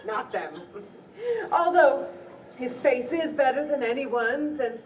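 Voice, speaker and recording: A fussy, theatrical aunt played by a woman who teases and groans about her aches. The voice sits high and unhurried. It comes from a distance on an echoey outdoor stage, with music faintly behind. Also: animated, slight background noise. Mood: teasing. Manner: teasing, theatrical groaning and laughing. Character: fussy aging aunt, woman, dramatic complainer. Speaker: stage actor. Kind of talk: live outdoor theater acting.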